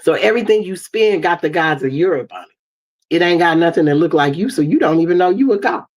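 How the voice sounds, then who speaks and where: A woman in her fifties with an African American English accent, hosting a livestream and telling stories in an animated way, acting out the dialogue. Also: on the low side, fairly quick. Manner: animated storytelling, acts out dialogue. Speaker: livestream host. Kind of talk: casual livestream monologue. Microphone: streaming setup mic.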